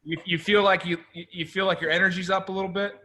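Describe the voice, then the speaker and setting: Male sales coach, high voice, lively and pushy with the room. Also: quick pace. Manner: animated, coaxing, calls out to the room. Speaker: sales trainer. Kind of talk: energetic group coaching session.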